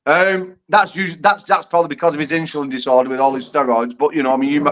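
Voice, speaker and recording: A British man hurls crude, mocking insults at a rival, laughing and stumbling over his own restarts. His voice sits high, and the audio comes through dull and lo-fi. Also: fairly even intonation, quick pace, a bit bright. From United Kingdom. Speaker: guest arm wrestler. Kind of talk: profane trash talk on a call-in show.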